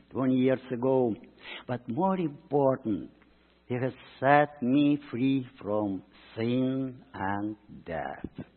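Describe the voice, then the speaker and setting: Russian-accented man, halting church talk, lively pitch, slow and husky, tinny line with long hall echo. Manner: halting, many ums and uhs, broken English. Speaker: missionary guest speaker. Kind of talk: church presentation. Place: church sanctuary. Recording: tinny, reverberant church recording.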